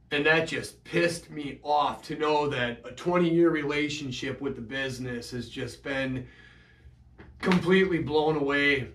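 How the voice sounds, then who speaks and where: Man, personal confessional monologue, halting delivery, echoey room, distant mic. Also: mid-range voice, fairly bright tone, slight background noise. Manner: halting, emotional, many restarts and fillers. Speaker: vlogger telling his own story.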